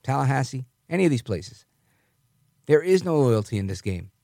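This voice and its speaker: A man's voice: medium pitch, sing-song, moderate pace, warm tone, dry recording, clean studio sound. A man from New Jersey giving a conversational political commentary monologue, often asking "right?" and reading news reports aloud. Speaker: commentary host.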